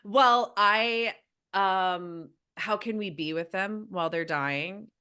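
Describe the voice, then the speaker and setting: A woman's voice: mid-range voice, slow pace, sharp tone, clean tone. A woman guest on a podcast, an animal healer, talking earnestly and from the heart, often restarting her sentences. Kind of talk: casual podcast conversation.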